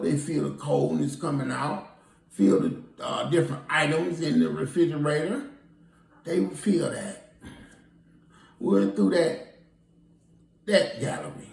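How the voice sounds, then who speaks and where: A man's voice: fairly high pitch, animated, unhurried, gravelly, pauses often, darkish tone. A man, a tour guide, telling a rambling story casually and acting out what people said. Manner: rambling, acts out quoted dialogue. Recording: roomy, distant recording.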